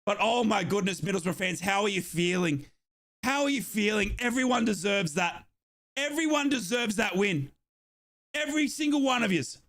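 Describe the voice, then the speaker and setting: A young Australian man streaming a live football watchalong, shouting and crying with joy, his voice going hoarse. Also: high voice, animated, moderate pace. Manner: shouting, overjoyed and tearful. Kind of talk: live fan watchalong reaction.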